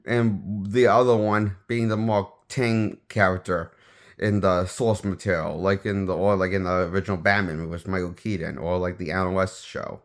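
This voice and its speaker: A man with a fairly low voice talks through a film review in a loose, unscripted way. He often breaks off and restarts his sentences as he goes. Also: steady tone, moderate pace. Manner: rambling, restarts sentences, offhand opinions. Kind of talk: casual spoken movie review.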